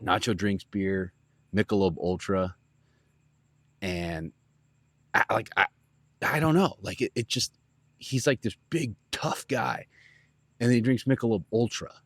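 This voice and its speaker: A man with a deep, low voice tells a casual story as a podcast host. He rambles and gets animated, with plenty of "like" and "you know". The sound is dry and close. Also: measured pace, pauses often, dry recording. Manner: rambling, animated, lots of fillers.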